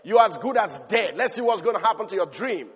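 A preacher playing curt, scornful cruel brothers. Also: male voice, high-pitched, animated, quick pace, a bit bright, husky, full character voice. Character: cruel, dismissive older brothers. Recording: long reverb of a large hall.

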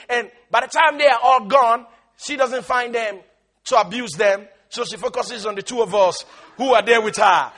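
A male pastor preaching a sermon with animated delivery, drawing words out slowly for emphasis and breaking into laughter. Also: very high voice.

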